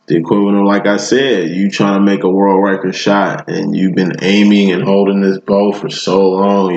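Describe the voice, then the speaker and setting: A man giving a casual tarot reading in a laid-back, slangy way, with a flat monotone delivery. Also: low voice, creaky. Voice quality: self-described monotone. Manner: laid-back, slangy, chuckles between lines. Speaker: tarot reader. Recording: echoey room, dull lo-fi, loud background noise.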